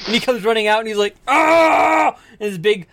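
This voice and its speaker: A woman narrating as game master with a strained voice, animated and prone to shouted character voices. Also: mid-range voice, rapid-fire. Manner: animated, bursts into shouted announcer and wrestler voices.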